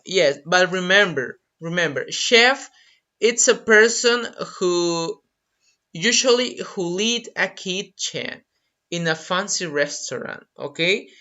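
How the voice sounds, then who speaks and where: Slow, bright-voiced English teacher, dull audio. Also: medium pitch. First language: Spanish. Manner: slow, drills words, repeats phrases and mixes in Spanish translations. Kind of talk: live online language lesson.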